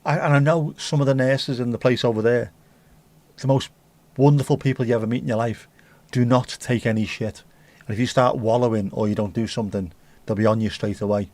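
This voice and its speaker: A man's voice: mid-range voice, steady tone, a little fast, a little mellow, dry recording. A man hosting a casual livestream chat, bantering crudely and swearing often. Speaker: livestream host.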